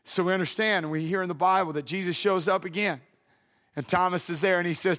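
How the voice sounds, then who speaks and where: A man's voice: high voice, fairly even intonation, quick pace, a bit bright. A man preaching a sermon, dramatic and casual, acting out the voices in a Bible story. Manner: casual slangy phrasing.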